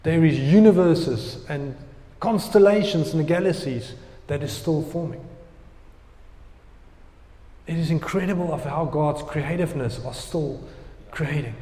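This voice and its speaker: A man delivers a sermon in a slightly higher-than-usual voice, pushing some phrases out loudly and dropping others to a near hush. His voice rings out with long reverb, as if filling a church hall. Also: a little slow. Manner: preaching with swings from loud emphasis to hushed asides. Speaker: pastor.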